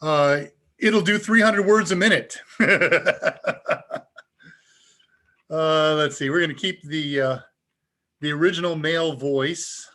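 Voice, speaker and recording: Chatty upbeat man demoing software. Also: on the high side, slow pace, pauses often. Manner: casual and upbeat, chuckles often. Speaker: tech instructor hosting a live Q&A. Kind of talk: live demo talk.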